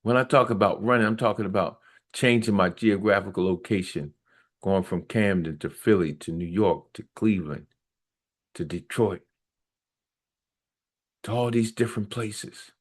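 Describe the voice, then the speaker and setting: A man's voice: lowish voice, moderate pace, pauses often. Earnest man preaching from his book. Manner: earnest, repetitive, preacher-like emphasis. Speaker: author reading his memoir. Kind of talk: reading aloud and preaching on his own book.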